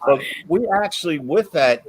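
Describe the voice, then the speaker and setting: A man's voice: on the high side, lively intonation, normal speed, husky, dry recording. A man hosting a paranormal podcast, talking casually and restarting his sentences often. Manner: chatty, repeats words when starting sentences. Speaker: podcast host. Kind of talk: casual chat.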